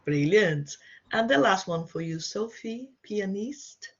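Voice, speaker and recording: Woman, online teacher, slow and gravelly, dull video-call sound. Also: medium pitch, expressive. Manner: encouraging, slow and repetitive. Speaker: Portuguese teacher. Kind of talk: online language lesson.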